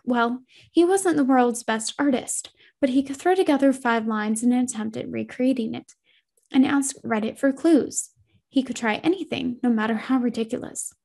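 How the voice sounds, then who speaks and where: Gravelly, warm-toned woman reading horror. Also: fairly high pitch. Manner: measured and suspenseful, whispers sound effects. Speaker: narrator. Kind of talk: scripted horror story reading.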